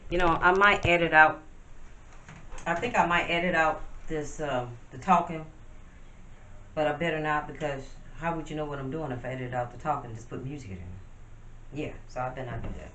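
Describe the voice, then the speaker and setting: A woman's voice: low voice, a little fast, bright, forceful tone, distant mic. Woman, home cooking vlogger, casual chat to camera, roomy noisy kitchen. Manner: chatty, addresses viewers as y'all, talks while working.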